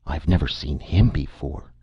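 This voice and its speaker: A man voicing a nosy, suspicious older woman shopper with a shrill, prying manner, in a dull lo-fi recording. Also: normal speed, husky, no echo, exaggerated voice.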